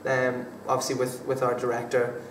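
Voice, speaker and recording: A young man who studies drama replies to interview questions in an offhand, faltering way, full of fillers and restarts. His voice sits at medium pitch, monotone, at normal speed, and the distant recording carries room echo and faint noise.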